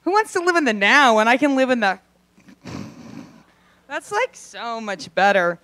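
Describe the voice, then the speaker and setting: A young adult woman performing a brash, profane stand-up set, acting out quick voices in her asides. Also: on the high side, sing-song, a bit bright, no echo. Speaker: stand-up comedian. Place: comedy club stage.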